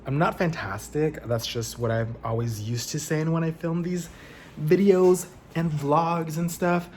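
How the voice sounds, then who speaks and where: A man's voice: on the high side, unhurried, darkish tone, low-quality recording. Young male vlogger, casual mukbang chat, self-deprecating, eating as he talks, faint room noise. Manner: chatty, swearing, self-mocking, laughs often; talking while eating. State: slightly out of breath. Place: home apartment, indoors. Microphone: camera set in front.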